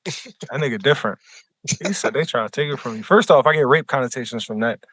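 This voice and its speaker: A man's voice: medium pitch, lively intonation, quick pace, fairly bright tone, no room sound. A man co-hosting a podcast in casual chat, blunt and joking with plenty of profanity. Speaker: podcast co-host. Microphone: remote recording.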